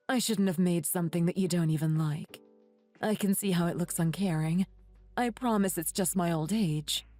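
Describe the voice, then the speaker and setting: A woman reading a meek, apologetic old mother. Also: lowish voice. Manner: gentle, apologetic.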